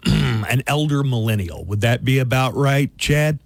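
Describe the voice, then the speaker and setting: A man's voice: medium pitch, measured pace, vocal fry, a little hiss or hum. A male radio host in casual chat who talks with many fillers and laughs easily.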